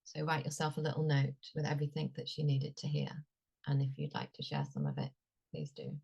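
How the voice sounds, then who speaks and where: Female coach, deep voice, gentle, soothing workshop delivery with pauses. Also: expressive, creaky, breathy edge, lo-fi sound. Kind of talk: leading a workshop.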